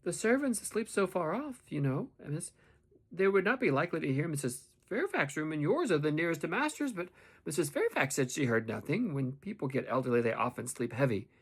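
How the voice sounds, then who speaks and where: A man's voice: on the high side, brisk, slightly rough, heavily acted. A man reading an audiobook, voicing a composed, secretive middle-aged woman servant who talks coolly and politely. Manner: calm, even, coolly polite. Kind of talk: audiobook character voice.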